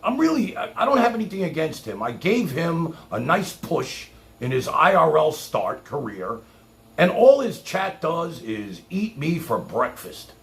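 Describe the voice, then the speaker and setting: Gravelly, lively-voiced man ranting on stream. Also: fairly high pitch, a little slow. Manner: mocking, heated, sarcastic. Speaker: livestream host. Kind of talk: ranting livestream commentary.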